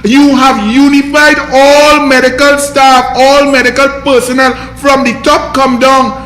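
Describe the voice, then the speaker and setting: A Trinidadian man rants through political commentary, his voice very high and bright with a sharp edge. He scolds and mocks in a combative way, and the sound carries a roomy echo.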